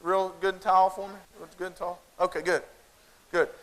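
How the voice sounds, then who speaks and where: This keynote speaker, a Southern man with a high voice and normal pace, entertains a large conference hall with humorous stories. He animates them by voicing parents and children in turn. Audience laughter and big-venue hall reverb fill the recording.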